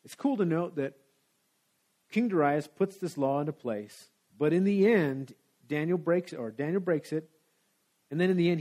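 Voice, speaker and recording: A man's voice: a little high, a little mellow. A man preaching a sermon in a church, talking in a conversational, casual way. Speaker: pastor. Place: church sanctuary.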